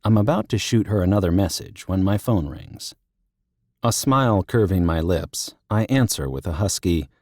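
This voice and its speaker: A young man narrating a romance audiobook in the first person, his voice low and mellow. He reads in a wry, intimate and playful way, close to the mic in a dry studio with no room sound. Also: animated, normal speed, no echo.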